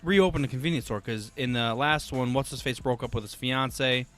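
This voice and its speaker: A man's voice: medium pitch, moderate pace, fairly bright tone. A man co-hosting a podcast in casual chat, joking and blunt, with some swearing. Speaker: podcast co-host.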